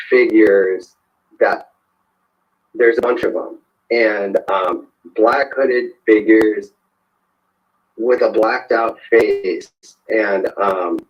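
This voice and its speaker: On a podcast, a man with a fairly low voice tells a personal story conversationally, hesitating often with lots of fillers and false starts. The audio is dull and lo-fi.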